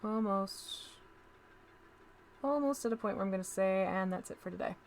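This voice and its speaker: A woman's voice: mid-range voice, moderate pace, slight background noise. A woman hosting a casual live stream, chatting to viewers as she paints miniatures and talks through each step.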